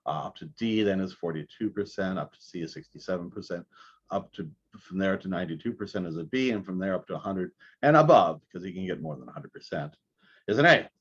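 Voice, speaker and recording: A man teaching a math class over a recorded video call, talking in a halting way with many restarts. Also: low-pitched, animated, fairly bright tone, slightly rough, muffled recording. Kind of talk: recorded online class lecture.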